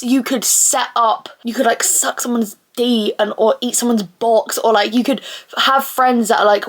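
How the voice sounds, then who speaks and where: A young woman, chatting casually to camera in a vlog, rambling and swearing with lots of "like" fillers. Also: on the high side. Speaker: vlogger.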